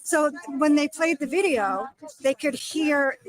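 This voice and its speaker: A woman joining a livestream as a guest, recounting court events in an animated, casual way. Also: high voice, a little slow, poor audio. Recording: crowd noise behind the voice.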